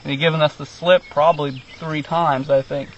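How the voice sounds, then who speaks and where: A man's voice: fairly high pitch, fairly quick. A young man, a son on a family hunt, telling the story animatedly and acting out what everyone said. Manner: animated storyteller, acts out quotes. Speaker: hunter, son. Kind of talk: casual outdoor recounting. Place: outdoors in rural fields. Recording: dull outdoor audio, faint field noise. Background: crickets and insects.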